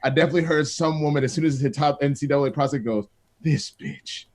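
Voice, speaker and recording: A man co-hosting a live chat, telling stories in an excitable, laughing way. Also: on the high side, very fast. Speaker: co-host. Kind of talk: casual chat.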